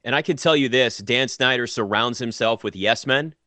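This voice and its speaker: A man's voice: medium pitch, moderate pace, pushed and bright, dry recording. A man co-hosting a casual sports talk show, ranting emphatically and with exasperation.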